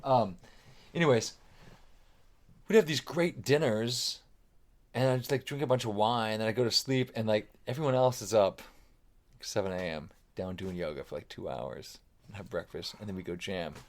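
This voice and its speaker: Speaking at normal speed with a lowish voice, a middle-aged man guests on a podcast. The chat is casual, and he meanders through stories that poke fun at himself, cursing liberally along the way.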